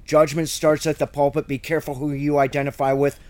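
A man's voice: on the high side, flat delivery, fairly quick, a little mellow, a little hiss or hum. A man teaching the Bible verse by verse in fervent, conversational preaching, at times choked up with emotion.

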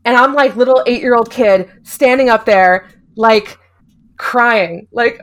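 A woman's voice: on the high side, measured pace. A woman co-hosting a casual podcast, telling a funny story with lots of laughing and restarts. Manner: animated, laughing, many restarts. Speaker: podcast co-host. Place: remote recording, filmed on video call.

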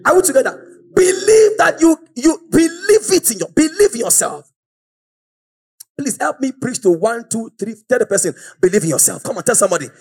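A man preaching a fiery, exhorting sermon and often shouting out to the congregation. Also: very high-pitched, lively intonation, normal speed, breathy edge, soft background music.

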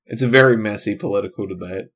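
A man's voice: on the low side, quick pace, fairly bright tone, breathy edge. A man, a comedian, hosting a solo podcast in a loose, rambling, digressive way, with frequent trailing-off asides. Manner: casual, loose and digressive, trailing off, many fillers.

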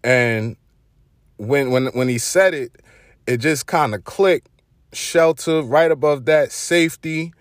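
A man's voice: a little high, slow pace, no echo, studio quality. A young man with a Brooklyn accent hosting his own vlog, chatting loosely in street slang with lots of ums and restarts. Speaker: host. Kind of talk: casual vlog monologue.

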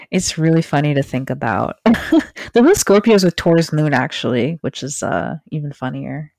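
Gravelly-voiced woman chatting about astrology. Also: sits low, lively intonation, normal speed, a little mellow, dry recording. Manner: laid-back, hesitant, trails off with fillers. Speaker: podcast co-host. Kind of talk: casual astrology chat.

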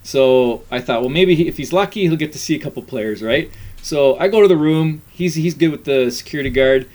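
Man, middle-aged, slightly higher voice, animated storyteller, laughs a lot. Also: fairly quick. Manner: animated, laughs often, acts out quotes. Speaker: guest telling stories. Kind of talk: casual storytelling chat.

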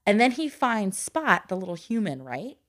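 Animated woman with a lively voice. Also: mid-range voice, normal speed. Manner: animated storyteller who acts out quotes in exaggerated voices and laughs often. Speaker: podcast host; adoptive mother. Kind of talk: casual chat.

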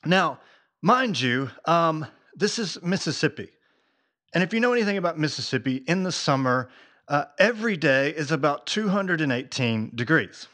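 A man giving a faith talk in a relaxed, chatty way, with a slightly higher voice than most men. He tells his story in a lively way, full of casual fillers. He sounds like a podcast host talking straight to his listeners. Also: moderate pace.

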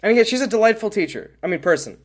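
A young man co-hosting a podcast, telling stories in an animated way and jumping between topics in casual chat. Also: high-pitched, very fast. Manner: animated storyteller, jumps topics. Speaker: podcast co-host.

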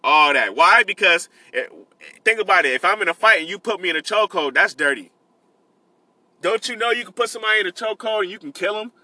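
Bright-voiced young man giving straight talk. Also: high-pitched, lively intonation, fast talker, no room sound. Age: 20s. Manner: earnest, repetitive, street slang. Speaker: vlogger giving life advice. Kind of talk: casual talk to camera between delivery pickups.

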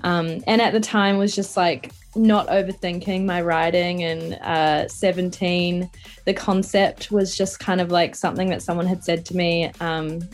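A woman musician with a New Zealand accent, chatty and quick to laugh, joining a radio interview over a video call. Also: on the low side, steady tone, faint music behind. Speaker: musician guest. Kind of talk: remote radio interview chat.

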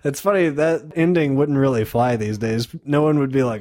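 A man's voice: mid-range voice, moderate pace, few pauses, darkish tone. A man co-hosting a casual movie chat, joking and asking questions. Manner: joking, acts out characters in quotes. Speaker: podcast co-host.

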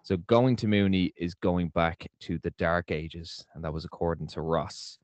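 Deep-voiced man on a dry, lo-fi line. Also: steady tone, normal speed, no echo. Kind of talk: casual football chat.

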